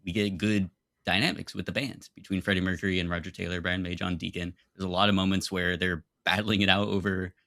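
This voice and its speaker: A young man making his case in a lighthearted film debate, insistent and quick to laugh. His voice is very deep with a gravelly edge, and the sound is dry and close. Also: flat delivery, a bit bright, no echo. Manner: argumentative, insistent, laughs easily. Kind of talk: casual comedic debate.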